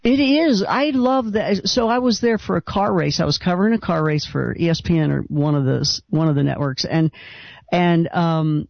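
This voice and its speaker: A man's voice: sits high, vocal fry, dry recording, lo-fi sound. A man hosting a radio call-in show, chatting enthusiastically with a caller. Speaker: radio host.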